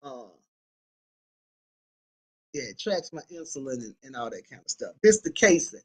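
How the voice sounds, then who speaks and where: A woman hosting a casual livestream, reading viewer comments and chatting in an animated, colloquial way with lots of repetition and laughter. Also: extremely low pitch, moderate pace, husky, poor audio.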